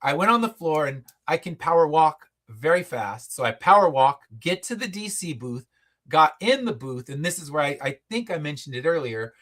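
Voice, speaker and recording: A man's voice: a little high, animated, normal speed, fairly bright tone. A middle-aged man, a podcast guest, telling a story in casual chat and acting out the people he quotes, with casual swearing.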